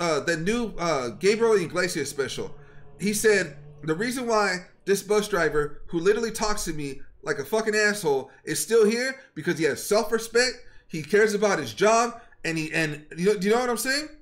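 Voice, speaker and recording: Young streamer guy, high voice, ranting mad and swearing a lot while he retells a fight. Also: fairly bright tone. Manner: heated, profane, retelling arguments with quoted back-and-forth. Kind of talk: angry ranting story to stream chat.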